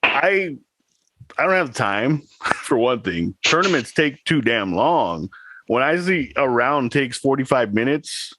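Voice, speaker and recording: A man's voice: medium pitch, big pitch swings, unhurried, sharp tone. A man in his thirties, a podcast co-host, chatting casually and telling a rambling story with laughs. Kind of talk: casual chat.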